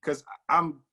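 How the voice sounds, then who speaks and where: A man hosting a casual discussion over a video call, easygoing and affirming, often saying "right, right". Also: sharp tone. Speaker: host.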